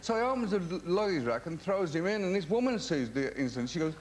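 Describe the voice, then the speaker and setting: A man's voice: on the high side, big pitch swings, fast, a little hiss or hum. A man from England, a rock singer as a TV interview guest, telling rambling comic anecdotes full of stammered restarts.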